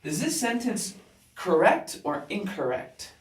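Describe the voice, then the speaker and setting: A male teacher giving a classroom grammar lesson, talking slowly and deliberately and checking in with students after nearly every point. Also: high-pitched, very animated. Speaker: English teacher. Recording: roomy classroom sound from a distant mic.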